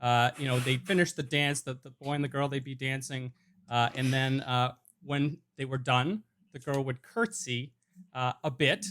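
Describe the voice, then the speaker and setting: A man on a comedy podcast panel, making up a story haltingly with many uhs. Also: mid-range voice, a bit bright. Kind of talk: casual podcast chat.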